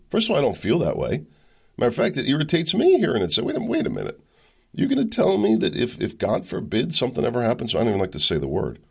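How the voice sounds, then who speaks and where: A man's voice: mid-range voice, vocal fry, husky. A man hosting a political talk show, giving a blunt, opinionated monologue with frequent restarts. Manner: animated, blunt, with frequent restarts and mock voices.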